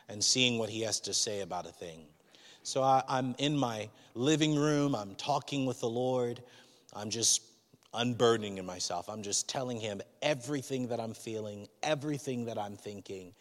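A man's voice: medium pitch, in a large hall. A man preaching a sermon as a pastor, speaking in a candid, conversational and personal way.

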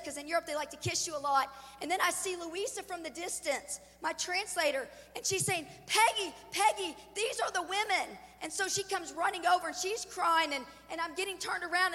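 High-voiced woman preaching in a hall. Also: fairly bright tone. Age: 40s. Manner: earnest storytelling, emphatic with rising intensity. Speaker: ministry president, guest speaker. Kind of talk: sermon testimony. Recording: long hall reverb.

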